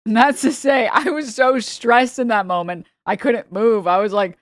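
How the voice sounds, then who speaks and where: A woman's voice: mid-range voice, animated, moderate pace, few pauses, no echo, clean studio sound. A woman streamer in a casual reaction stream, ranting heatedly with a lot of swearing and talking straight to her chat. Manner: heated, profane, exasperated ranting.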